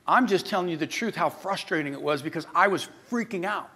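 Male pastor, middle-aged, very high and bright voice, animated sermon storyteller who acts out dialogue. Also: a little fast, hardly any pauses, husky.

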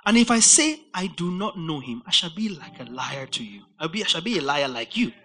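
A man preaching a verse-by-verse Bible study sermon, animated and rising to near-shouts for emphasis. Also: on the high side, brisk.

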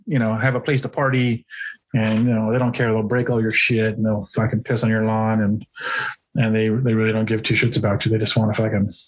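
A man's voice: lowish voice, flat delivery, brisk, poor audio. A man co-hosting a podcast, telling a long story in casual chat, swearing often and restarting his sentences. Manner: rambling, profane, lots of restarts. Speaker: podcast co-host.

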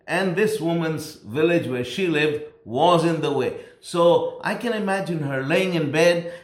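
A man's voice: fairly high pitch, reverberant. A man preaching a sermon with emphasis, repeating key phrases for stress.

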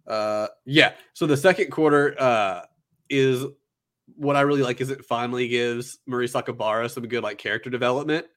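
A man's voice: medium pitch, normal speed, fairly bright tone. A man casually recapping an anime film in a chatty, rambling way, full of fillers. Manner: rambling, filler-heavy storytelling.

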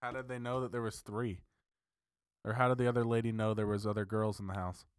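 Low-voiced man arguing casually. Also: level tone, brisk, clean tone, no room sound, clean studio sound. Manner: emphatic and argumentative, swears freely. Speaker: podcast co-host. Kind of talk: casual chat.

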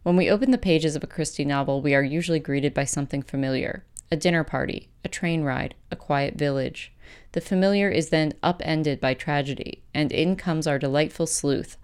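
Woman podcast host, low voice, very smooth and clear, reflective essay reading. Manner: measured, gentle reading; later chatty with many fillers. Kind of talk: reading an essay, then casual chat.

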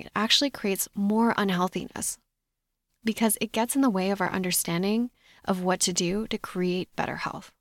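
A woman hosting a solo podcast, talking in a measured, reflective coaching tone. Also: mid-range voice, no room sound, clean studio sound. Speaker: podcast host.

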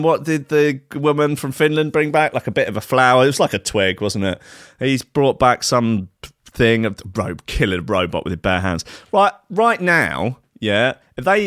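A man's voice: medium pitch, fairly bright tone, no room sound, clean studio sound. A man hosting a comedy podcast who mocks a news story, swearing often and laughing at his own jokes.

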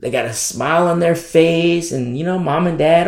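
A man's voice: normal speed, vocal fry, hardly any pauses, roomy sound. A man preaching a sermon to young listeners, impassioned and repetitive. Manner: repetitive, impassioned, sweeping pitch swings.

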